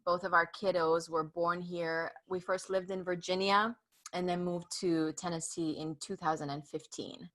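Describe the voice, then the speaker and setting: A woman's voice: on the low side, little pitch movement, normal speed, a bit bright. A woman from Europe, a professional performing artist, chatting casually as an interview guest with an accent, upbeat and sprinkled with fillers. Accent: European, non-Southern. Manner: upbeat with frequent fillers and laughs.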